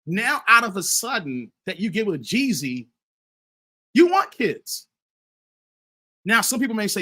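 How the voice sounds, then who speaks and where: A man's voice: high voice, big pitch swings, measured pace, pauses often, sharp tone. A middle-aged man hosting a casual commentary stream. He talks to his viewers as "guys" and "fellas" and repeats and restarts himself often. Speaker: commentary channel host.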